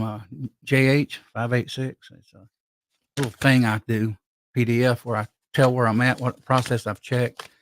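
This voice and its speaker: A man of middle pitch hosts a relaxed live stream, chatting and reading comments from viewers. His voice carries a gravelly rasp, and he wanders from thought to thought with frequent restarts. The sound is dry and close, with no room around it. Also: no room sound. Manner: rambling, reads viewer comments aloud, many restarts. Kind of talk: casual live stream chat.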